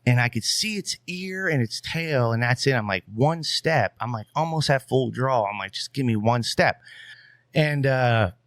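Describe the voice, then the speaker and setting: Animated man telling a rambling hunting story. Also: mid-range voice, moderate pace, dry recording. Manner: rambling, animated, many fillers. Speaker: podcast guest. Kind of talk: casual storytelling.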